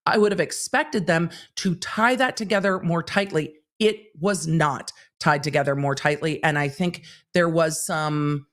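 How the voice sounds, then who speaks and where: A woman's voice: sits low, unhurried, few pauses. Chatty woman livestreaming legal commentary. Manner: chatty, animated retelling with quoted voices.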